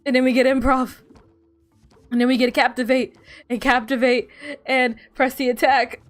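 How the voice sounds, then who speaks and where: A woman's voice: high-pitched, flat delivery, moderate pace, faint music behind. A woman streamer chatting casually while playing a game, rambling and laughing often. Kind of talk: casual gaming stream chat.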